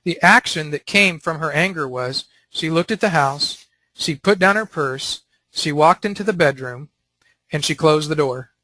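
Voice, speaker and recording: A man leading a Christian teaching panel, talking in an animated way and acting out quotes. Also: a little high, moderate pace, no echo.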